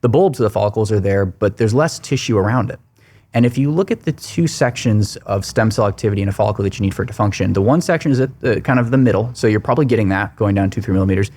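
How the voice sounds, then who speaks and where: A man, a hair restoration surgeon, giving fast technical explanations in a podcast interview. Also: lowish voice, darkish tone.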